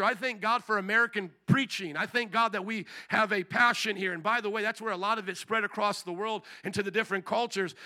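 A man's voice: high voice, pushed and bright. A man pastor preaching a sermon to his church, asking the crowd repeated rhetorical questions. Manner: preaching with rising intensity, repetitive rhetorical questions.

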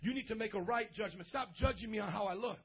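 A man preaching a lively sermon as a pastor, playful, calling for responses and acting out little scenes. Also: high-pitched, quick pace, slightly rough. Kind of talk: energetic sermon to youth. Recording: dull lo-fi recording.

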